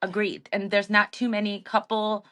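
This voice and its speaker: A woman co-hosting a podcast, chatting casually about a reality show and acting out quotes in an animated way. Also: mid-range voice, moderate pace. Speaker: podcast co-host.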